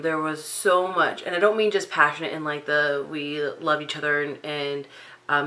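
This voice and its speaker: Young woman, sleep-deprived vlogger, unscripted rambling, slightly low pitch, bright tone. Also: rough recording. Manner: rambling, many fillers and restarts. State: sleep-deprived, up late at night. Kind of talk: unscripted personal vlog.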